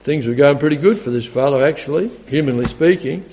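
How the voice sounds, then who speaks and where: A man's voice: on the high side, brisk, mellow, a little hiss or hum. Male preacher, earnest and emphatic, repeats words for weight; dull recording with a hall echo. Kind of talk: sermon.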